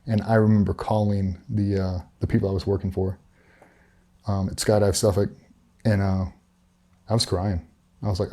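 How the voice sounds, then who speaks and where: Blunt, profane man with a low, dark voice. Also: fairly even intonation, normal speed. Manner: blunt, profane, matter-of-fact retelling. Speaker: interview guest, former special operations veteran. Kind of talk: candid storytelling interview.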